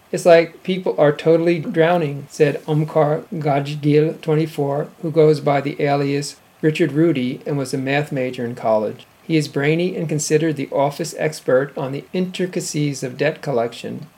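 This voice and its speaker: A man hosting a community radio show, reading a news article aloud in a measured, formal way. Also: on the high side, a little mellow. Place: radio studio.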